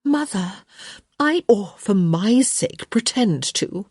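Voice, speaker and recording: A woman's voice: medium pitch, lively intonation, slow, a little mellow, slightly rough, dry recording, voice pushed up. A woman voicing a stubborn young unmarried lady who answers her mother in a dry, teasing way. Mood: protesting.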